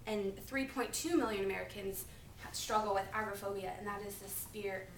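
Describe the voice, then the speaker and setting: A woman in her twenties giving a topical sermon as a preaching student, telling personal stories in a chatty, animated way full of "like". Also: medium pitch, fairly quick, a little hiss or hum. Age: 20s. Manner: chatty, animated, filler-heavy with lots of "like". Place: classroom. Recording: echoey classroom, mic far off.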